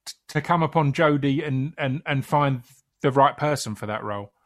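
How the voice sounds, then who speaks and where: A man interviewing a guest, enthusiastic and halting, restarting his questions often. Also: mid-range voice. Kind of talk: interview conversation.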